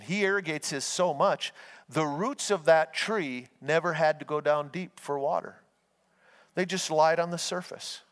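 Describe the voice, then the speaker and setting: A man preaching a sermon as pastor, telling homespun stories and urging his listeners on. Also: on the high side. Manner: folksy storytelling, earnest and exhorting. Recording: long hall reverb.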